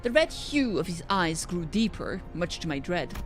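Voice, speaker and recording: A woman's voice: lowish voice, sing-song, moderate pace, soft background music. A woman streamer reading a game's story aloud, sometimes stumbling and correcting herself.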